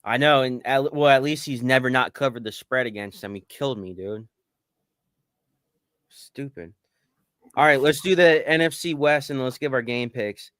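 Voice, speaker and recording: A man in his thirties co-hosting a casual sports podcast, telling animated stories and swearing casually. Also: medium pitch, normal speed, clear, resonant tone, dry recording, studio quality. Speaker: podcast co-host.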